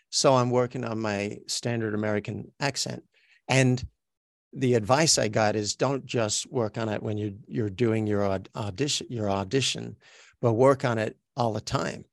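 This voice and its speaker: Aussie guy guesting on a podcast, bit gravelly, dry close mic, keeps restarting his sentences. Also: mid-range voice, no room sound. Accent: Australian. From Australia. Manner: chatty, self-reflective, many restarts. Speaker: guest, actor. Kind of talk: podcast interview.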